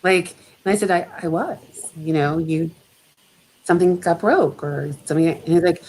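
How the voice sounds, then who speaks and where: A woman's voice: lowish voice, moderate pace, darkish tone, slight background noise, low-quality recording. Chatty middle-aged woman, laughs often. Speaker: guest photographer. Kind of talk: casual chat.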